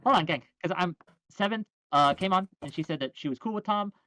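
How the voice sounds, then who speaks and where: A man's voice: sits high, sharp tone, no room sound. A man hosting and moderating a debate, steering the conversation and calling on speakers. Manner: quick, steering the talk.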